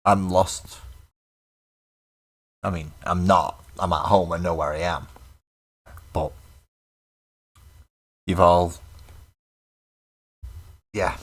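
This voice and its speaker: A man talks casually on a live stream as he paints miniatures. His voice sits very low and he speaks slowly, in a rambling way. He chuckles as he reads viewers' comments aloud.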